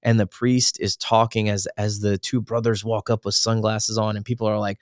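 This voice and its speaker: A man's voice: on the low side, level tone, normal speed, no echo, clean studio sound. A man co-hosting a faith podcast, talking earnestly in a rambling way and correcting himself as he goes. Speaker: podcast co-host. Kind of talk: casual faith podcast chat.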